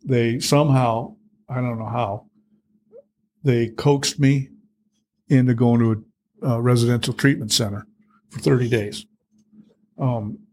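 A man's voice: medium pitch, a little mellow. A middle-aged man telling his own story in conversation, blunt and plainspoken, full of fillers and restarts. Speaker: guest.

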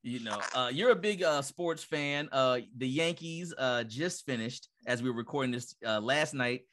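A man's voice: mid-range voice, moderate pace, a bit bright. A man hosting a podcast, asking questions in a loose, wordy way. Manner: wordy, rambling question setups. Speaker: podcast host. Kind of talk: casual podcast interview.

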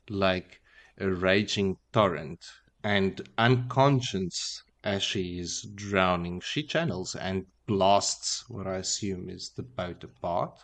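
A man hosting a podcast, casually retelling a book chapter in a relaxed, wry way with many fillers. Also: low-pitched. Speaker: podcast host.

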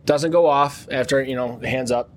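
A man's voice: medium pitch, moderate pace, a little hiss or hum. Crude, rambling podcast storyteller, man. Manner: rambling, crude and jokey, full of fillers. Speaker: podcast co-host. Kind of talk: casual storytelling.

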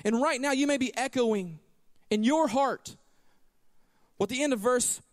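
A man's voice: very high-pitched, a little slow, long reverb tail. A man preaching a sermon as pastor, telling stories with animation and acting out the lines he quotes. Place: church sanctuary.

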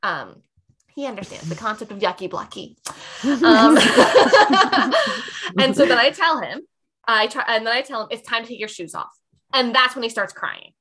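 Woman podcast host, bright sharp tone, chatty storyteller, laughs easily. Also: fairly high pitch, big pitch swings, unhurried, husky. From Canada. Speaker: podcast host, mother of a toddler. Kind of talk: casual podcast conversation.

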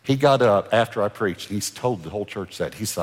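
Middle-aged male pastor, lively sermon storyteller, husky low voice, echo from a big church hall. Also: a little fast. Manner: animated storyteller acting out dialogue. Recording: long hall reverb from a church.

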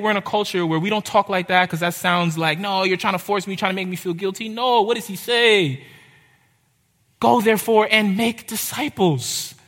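A young man preaching a sermon, urgent and impassioned, with dramatic pauses. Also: sits high, a bit bright. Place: church hall. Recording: reverberant hall.

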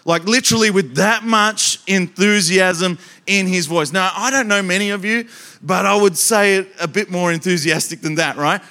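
A man with an Australian accent preaching a sermon, telling comic stories in an animated, joking way and talking straight to the crowd. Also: sits high, normal speed.

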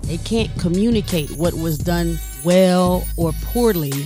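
Folksy, animated woman podcast host. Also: lowish voice, a little slow, music in the background. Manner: animated, folksy, addresses listeners directly. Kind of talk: storytelling podcast.

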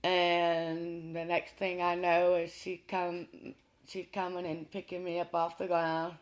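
A woman recounting a personal experience in an interview, earnest and unhurried, with pauses and restarts. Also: on the low side, monotone.

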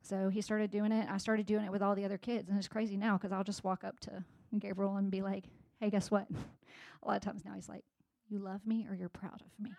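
A woman in her forties shares a sermon with her church in an easy, conversational way. Her voice is gravelly with a flat, even pitch, and she often restarts her sentences. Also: fairly quick. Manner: conversational, many fillers and restarts. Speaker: speaker at a church gathering. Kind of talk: sermon-style personal talk.

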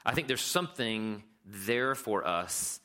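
A middle-aged man preaching a sermon in a conversational way, lively when he tells stories. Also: on the low side, slow. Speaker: pastor.

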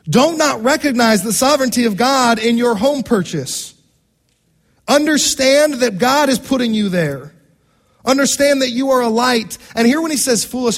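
A man preaching a sermon as pastor, asking the congregation questions and swinging between loud exclamations and hushed lines. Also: high-pitched.

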